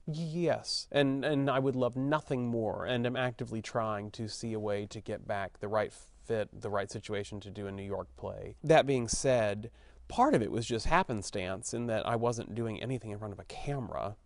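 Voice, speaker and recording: A man's voice: on the low side, moderate pace, gravelly, dry recording. A man in his thirties with a slight Texan accent, answering interview questions in a frank, chatty way, thinking aloud with fillers and restarts. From Texas. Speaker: actor being interviewed.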